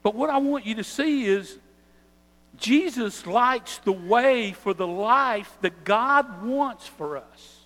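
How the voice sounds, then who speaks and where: A man preaching a sermon as pastor, earnest, slowing down and stressing key phrases. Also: very high-pitched, expressive, a bit bright, long reverb tail, low-quality recording.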